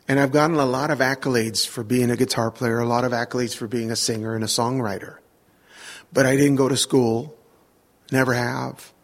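A middle-aged male preacher with a gravelly, husky voice. He talks in a relaxed, conversational way, mixing scripture reading with personal stories. He keeps checking in with his listeners. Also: mid-range voice. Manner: casual, asks the congregation for responses. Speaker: worship leader and preacher. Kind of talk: conversational sermon with storytelling.

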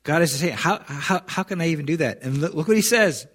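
A man's voice: on the high side, animated, brisk, a bit bright, slightly rough. A man preaching a sermon, reading scripture with rising force and speaking earnestly with many restarts. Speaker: pastor.

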